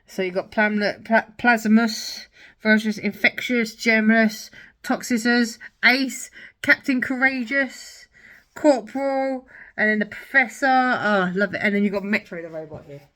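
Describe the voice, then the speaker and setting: A woman's voice: a little high, a little slow, fairly bright tone. A young woman, casually showing old children's books to her viewers in a chatty, gushing way with lots of filler words. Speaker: vlogger. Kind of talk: casual book show-and-tell.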